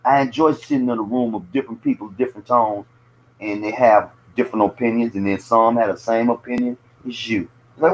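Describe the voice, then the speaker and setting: A man's voice: lowish voice, brisk, poor audio. A man with a Southern US accent telling stories in a loose, profane podcast chat. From American South.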